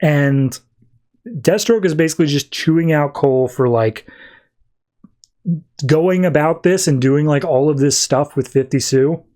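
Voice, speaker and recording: A man recapping a comic book issue in casual podcast chat, acting out lines of dialogue in quick quotes, with a lot of filler words. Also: on the high side, a little mellow. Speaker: podcast host.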